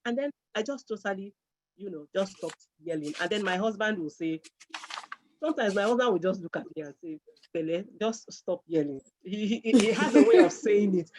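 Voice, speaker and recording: A woman's voice: medium pitch, noisy background. A middle-aged woman giving earnest parenting advice in a conversational talk, repeating phrases for emphasis. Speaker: guest speaker on parenting. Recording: dull lo-fi sound.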